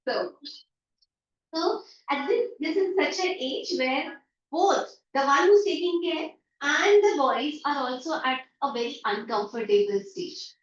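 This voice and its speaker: A woman's voice: high-pitched, lively intonation, a little slow. A woman teacher with an Indian English accent, explaining a story in an online class by paraphrasing lines and acting out everyday remarks. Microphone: video call. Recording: echoey, distant, dull online-call audio.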